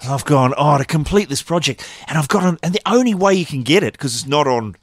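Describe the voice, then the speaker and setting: A man on a podcast as guest, chatting casually and telling stories with quick impressions. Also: fairly high pitch, no echo, studio quality. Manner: animated storytelling, mimics voices. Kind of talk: casual chat.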